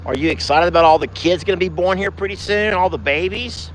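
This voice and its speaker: A man hosts his ranch vlog from the pasture at night, talking into a handheld phone. His voice runs a little high and drawls along, and it turns into a cooing sing-song whenever he calls to his cattle. A faint hum of the outdoors carries behind him. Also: fairly quick. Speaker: ranch vlogger. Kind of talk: live ranch vlog, casual talk to viewers and animals.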